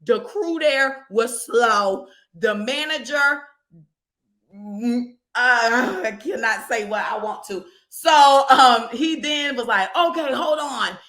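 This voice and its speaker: Woman podcast host ranting through a story, bright high voice, echoey room. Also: takes it slowly. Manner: animated, profane, acts out quoted people. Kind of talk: casual chat, storytelling.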